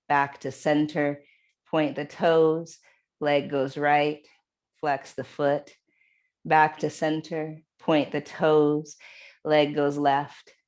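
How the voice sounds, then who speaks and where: A woman with a low, deep voice guides a yoga flow at an unhurried pace. Her cues are calm and measured, spaced out between movements. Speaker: yoga instructor. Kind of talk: guided exercise instruction.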